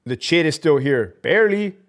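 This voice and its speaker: A man ranting on his live stream, cursing hard and swinging between loud outbursts and low muttering. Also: expressive, normal speed. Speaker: livestreamer and prison officer. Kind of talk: profane live-stream rant.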